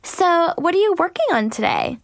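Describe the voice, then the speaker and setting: A shrill, gushing teenage mean girl, as a woman reader puts her on, her voice swooping high and sugary while every word drips with fake sweetness. She bounces through a very wide pitch range in a tight, dry recording with no room sound. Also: wildly swooping pitch, normal speed, dry recording, full character voice. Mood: fake-sweet. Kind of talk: audiobook reading.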